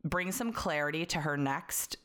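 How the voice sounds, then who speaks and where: A woman's voice: sits low, lively intonation, moderate pace, a bit bright. A woman co-hosting a podcast in casual chat, wry and blunt, teasing her partner. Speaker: podcast co-host.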